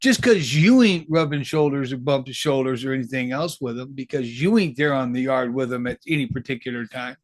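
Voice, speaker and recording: A man's voice: medium pitch, fairly quick, hardly any pauses, dry recording, studio quality. A man who was recently paroled, giving casual, rambling commentary full of swearing and street slang. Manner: rambling, profane street talk. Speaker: formerly incarcerated commentator.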